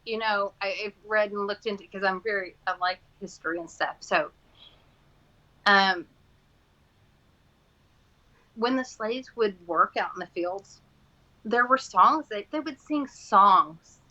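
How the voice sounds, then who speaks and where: A woman's voice: mid-range voice, unhurried, pushed and bright, muffled recording. A woman from Texas with a Texan accent, hosting a casual chat, rambling and laughing often. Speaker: host.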